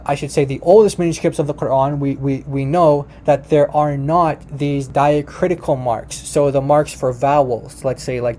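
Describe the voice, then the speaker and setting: Chatty man with a mellow voice. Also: mid-range voice, a little hiss or hum. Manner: chatty and informal, addresses "you guys", frequent restarts. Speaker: language teacher. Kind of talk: casual explanation to viewers.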